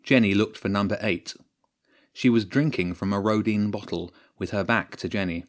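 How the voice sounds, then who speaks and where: Man, low voice, audiobook narrator, steady measured reading.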